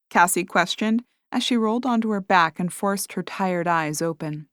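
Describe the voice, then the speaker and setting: A woman narrating an audiobook in a measured, expressive way. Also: lowish voice, no echo, clean studio sound. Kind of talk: scripted narration.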